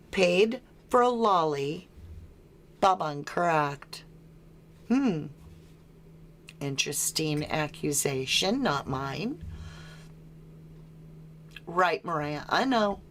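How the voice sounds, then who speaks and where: A woman's voice: lowish voice, slight background noise. An American woman hosting a casual true crime livestream, reading viewer comments aloud and answering them with frequent chuckles. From United States.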